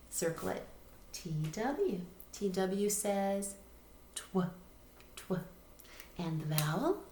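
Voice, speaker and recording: A woman's voice: lowish voice, darkish tone, echoey room, a little hiss or hum. A woman teacher giving a patient recorded phonics lesson to young children, spelling words out letter by letter. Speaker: reading teacher.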